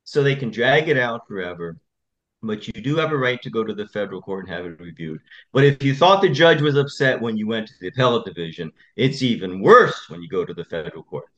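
A male attorney gives an interview with an animated, rising and falling voice. He tells stories with emphasis and often repeats himself. The audio is slightly dull and lo-fi. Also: on the low side, brisk. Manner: emphatic, repetitive storytelling. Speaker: attorney guest. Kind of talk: interview conversation.

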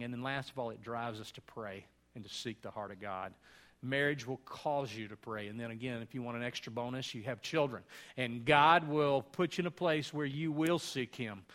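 Male pastor, mid-pitched, earnest sermon delivery, soft in prayer.

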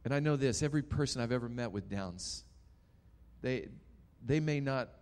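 A man preaching a sermon, telling a story dramatically and swinging between loud and hushed. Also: mid-range voice, moderate pace.

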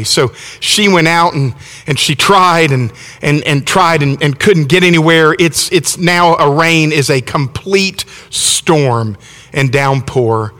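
A middle-aged man from Alabama preaches with a Southern accent, folksy and enthusiastic, often stumbling and starting over. His voice sits high and bright. The sound carries the long reverb of a church sanctuary. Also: slow pace. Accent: Southern American. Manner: folksy, enthusiastic, frequent restarts. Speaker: visiting preacher. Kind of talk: sermon with storytelling.

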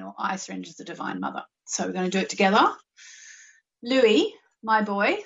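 A woman's voice: a little high, big pitch swings, normal speed, a bit bright. A woman with an Australian accent hosting a spiritual live show, chatting casually and rambling with lots of filler words. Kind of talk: casual live-stream chat. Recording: muffled lo-fi recording.

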